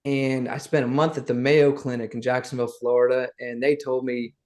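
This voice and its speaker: A middle-aged man from the South, guesting on a podcast and telling his stories in a lively, animated way. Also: mid-range voice, brisk. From Southern United States. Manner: lively anecdotes, acts out the people he quotes. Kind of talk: animated storytelling.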